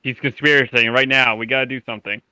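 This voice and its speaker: Bright-voiced male tabletop player. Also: medium pitch, fairly even intonation, quick pace, clear, resonant tone, low-quality recording. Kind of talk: casual tabletop game chat.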